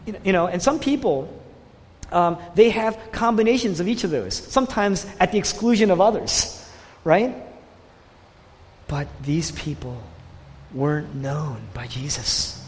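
A man preaching a sermon, emphatic and repeating key phrases, sometimes dropping to a hushed voice for stress. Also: sits high, long reverb tail.

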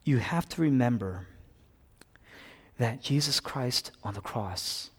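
A man preaching a sermon as a pastor, swinging between loud, emphatic passages and hushed, whispered ones. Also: medium pitch, animated, a little slow, slightly rough, in a large hall.

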